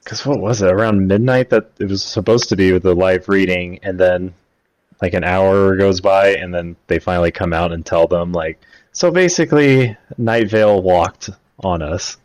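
Deep-voiced man telling a story. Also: little pitch movement, normal speed, a little mellow, muffled recording. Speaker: podcast host. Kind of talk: casual podcast chat.

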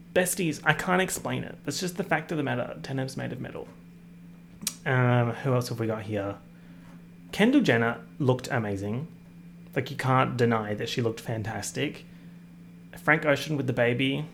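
Young Australian man with a gravelly voice. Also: mid-range voice, a bit bright, slight background noise. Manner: chatty, ranting, dramatic exaggeration. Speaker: podcast host. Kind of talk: casual pop-culture commentary.

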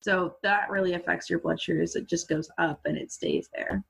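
Husky teenage girl telling a story. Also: on the low side, moderate pace. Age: teens. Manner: animated, laughing storyteller. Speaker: guest. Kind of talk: casual storytelling. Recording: muffled lo-fi audio.

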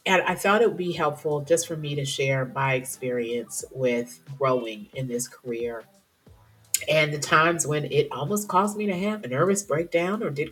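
Low-voiced lady podcaster, candid and chatty, faint music behind her. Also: normal speed. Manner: candid, emotional, chatty with self-interruptions. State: teary at times. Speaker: podcast host. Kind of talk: personal podcast monologue.

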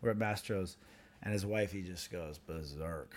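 A man's voice: low voice, normal speed. A man co-hosting a podcast, telling a rambling, profane story among friends and laughing as he goes. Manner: animated, profane, laughs while telling stories. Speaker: podcast co-host.

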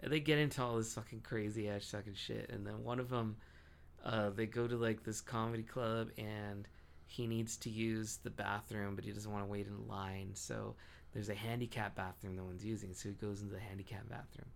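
A man's voice: fairly low pitch, level tone, normal speed, vocal fry, slight background noise. A young man co-hosting a casual podcast, rambling through stories with lots of swearing. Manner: profane, rambling storyteller. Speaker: podcast co-host. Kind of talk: casual chat.

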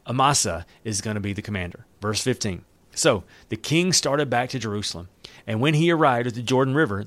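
A man of middle pitch reads a Bible chapter aloud. He breaks off at times to retell the story in loose, everyday words. The recording is close and dry, with no room sound. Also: no echo. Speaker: Bible reader and teacher. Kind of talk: Bible reading with casual commentary.

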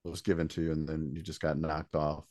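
A man hosting a podcast, asking questions and chiming in with relaxed, chuckling asides. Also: extremely low pitch, brisk, no room sound, studio quality. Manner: laid-back, chuckling asides. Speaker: podcast host. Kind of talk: casual interview chat.

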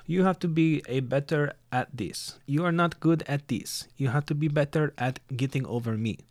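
A man's voice: fairly high pitch, moderate pace, darkish tone, no echo, natural voice. A man voicing his ex-girlfriend, a firm and caring young woman who bossily scolds him with advice. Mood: scolding.

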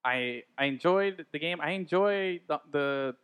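A man co-hosting a casual sports chat podcast, excitable and swearing, laughing often. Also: a little high, a little slow, smooth. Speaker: podcast co-host.

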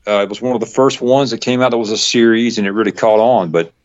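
Rambling Southern man, low voice. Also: steady tone, fast talker. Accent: Southern US (Georgia). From Georgia, US South. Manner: rambling, chuckles often, many fillers. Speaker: guest. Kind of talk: casual interview chat. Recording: dull lo-fi recording.

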